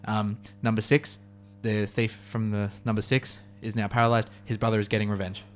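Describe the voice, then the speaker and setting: A man's voice: fairly low pitch, level tone, a little fast, faint music behind. A man co-hosting a student radio show, chatting casually in a rambling way full of fillers. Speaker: radio co-host.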